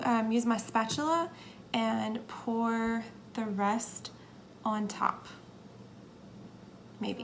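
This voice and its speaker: A young woman narrating a soap-making session in a chatty, hesitant way, dropping to a whisper now and then. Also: a little high. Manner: chatty, hesitant, drops into whispers while working. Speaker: soap maker. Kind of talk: casual how-to narration. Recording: faint background noise.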